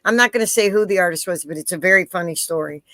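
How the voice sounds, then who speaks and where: Woman host, animated storyteller, bright tense voice, dry close sound. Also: fairly low pitch, fast, no echo. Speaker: interview host. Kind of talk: casual live interview chat.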